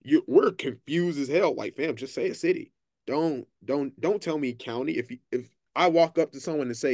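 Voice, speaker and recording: A man's voice: on the high side, moderate pace, a little mellow, no echo, studio quality. A man co-hosting a casual podcast, talking boldly and emphatically with plenty of swearing. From Texas, USA. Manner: bold, emphatic, profane. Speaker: podcast co-host. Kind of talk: casual chat.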